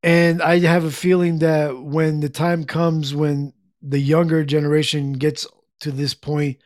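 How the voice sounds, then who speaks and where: A man's voice: a little high, level tone, unhurried, darkish tone, dry recording, studio quality. A middle-aged man hosting a casual livestream, rambling in an easygoing way and reading viewers' comments aloud. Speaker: livestream host.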